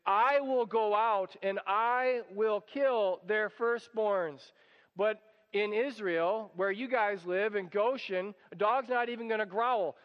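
A man with a very high voice preaches a sermon, lively and dramatic, briefly acting out the people he quotes. His voice rings with a long hall reverb. The recording sounds dull and muffled. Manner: animated, acts out quoted voices.

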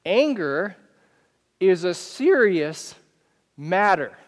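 Guy pastor preaching, chatty and lively, kinda high voice, big echoey church hall. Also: very slow. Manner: conversational, animated, rhetorical questions. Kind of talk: sermon. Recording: long reverb of a church hall.

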